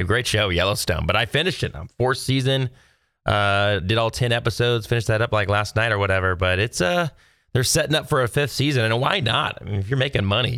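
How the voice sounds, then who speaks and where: A man's voice: fairly low pitch, pushed and bright, no echo, clean studio sound. A man in his thirties, from Texas, talking casually to viewers from home in a rambling, exasperated rant full of fillers. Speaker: solo video host.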